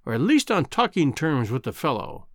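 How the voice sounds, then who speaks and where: Casting note: a man playing an old Scottish editor, kindly and fussy, with a lively, rising and falling voice and a dry, close sound. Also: a little high, moderate pace, dry recording. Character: kindly old balding male newspaper editor.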